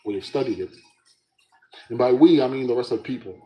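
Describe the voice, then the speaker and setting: Young man telling animated stories. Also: medium pitch, fast talker, faint music behind, rough recording. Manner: animated storyteller who often breaks into laughs. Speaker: solo podcast host. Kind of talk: casual solo chat.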